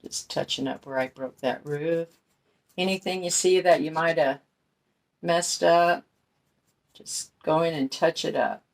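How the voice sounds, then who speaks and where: A woman's voice: low voice, fairly even intonation, unhurried, gravelly, long pauses. A middle-aged woman hosting a crafting channel, chatting in a folksy way while she paints and explains each step. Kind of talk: casual craft tutorial talk.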